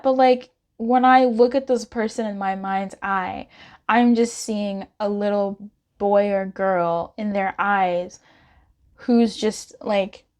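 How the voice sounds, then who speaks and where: A woman doing a casual pick-a-card tarot reading, chatty and expressive as she talks straight to the viewer. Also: medium pitch. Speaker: tarot reader.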